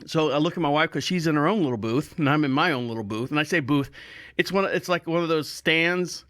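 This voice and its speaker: A man's voice: on the high side, a little fast, a bit bright, no echo, clean studio sound. A man hosting a podcast, telling a rambling, jokey story in a casual monologue. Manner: rambling, jokey, self-mocking. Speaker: podcast host.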